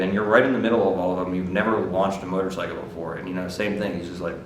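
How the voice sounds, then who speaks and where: A man's voice: low voice, fairly even intonation, racing, hardly any pauses, a little hiss or hum. A man who races motorcycles, telling rambling stories in a casual interview, laughing often and saying "like" a lot. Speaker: motorcycle racer.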